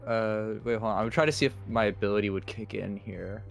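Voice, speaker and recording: A man's voice: fairly low pitch, flat delivery, a little fast, gravelly, faint music behind. A man playing a tabletop role-playing game, describing his character's plans in a hesitant, playful way. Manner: hesitant, full of fillers, playful. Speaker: player. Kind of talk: casual game chat.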